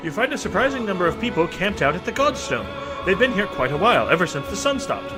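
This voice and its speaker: A man's voice: sits high, sing-song, fast talker. A man reading game dialogue aloud in a casual playthrough, reacting with laughs and groans. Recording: soft game music behind.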